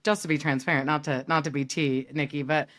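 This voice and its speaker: A woman's voice: sits low, steady tone, quick pace, a bit bright. A woman in her thirties from New York, chatting as a guest, teasing and laughing often. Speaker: guest, business partner. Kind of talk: casual chat.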